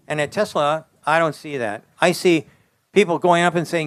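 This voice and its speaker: An older man talks shop as an engineering expert, blunt and folksy, livening up when he tells a story. His voice is smooth and resonant. It is recorded close and dry, with no room sound. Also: fairly high pitch, a little fast, no room sound. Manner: blunt, folksy, animated when telling stories. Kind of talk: interview answers.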